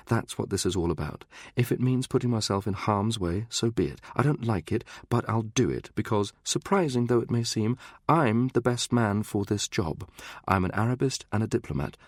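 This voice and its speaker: A man's voice: lowish voice, moderate pace, no room sound, studio quality, voice pushed up, close to an everyday voice. A man voicing a prim middle-aged British diplomat, speaking in a clipped, precise, restrained way. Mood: stern.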